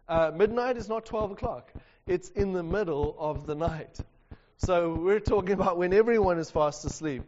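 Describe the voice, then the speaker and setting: A man preaches a sermon, telling a story with animated energy and frequent laughter. His voice is high, and the recording is muffled and dull, with a long hall reverb trailing his words.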